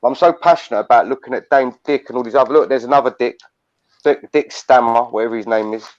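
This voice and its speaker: Speaking fast in a medium-pitched, slightly mellow voice, an older man swears his way through a heated live-stream rant. The audio is muffled and lo-fi.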